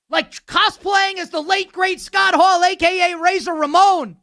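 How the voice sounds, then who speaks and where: A man's voice: extremely high pitch, fairly even intonation, a little slow, hardly any pauses, bright, forceful tone, dry recording, clean studio sound. A man hosting a sports betting show, delivering a heated, sarcastic rant with emphatic repetition. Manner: sarcastic, ranting.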